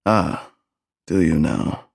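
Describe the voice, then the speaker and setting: Man putting on a deep gruff english gentleman rider, curt but reasonable, dry close sound. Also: extremely slow, dry recording, heavily acted.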